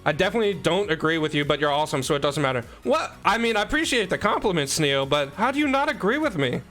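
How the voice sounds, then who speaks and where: Young male streamer, slightly high, bright voice, rambling jokey chat. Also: big pitch swings, quick pace, faint music behind. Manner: joking, teasing chat, rambling asides. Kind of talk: casual live-stream chat. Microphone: desk microphone.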